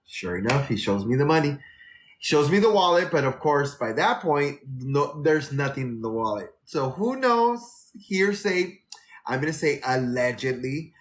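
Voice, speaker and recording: A man hosting a casual livestream, chatting and telling stories in a sassy, animated way, calling his listeners girl and honey. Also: medium pitch, a little hiss or hum. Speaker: livestream host. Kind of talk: casual livestream chat and storytelling.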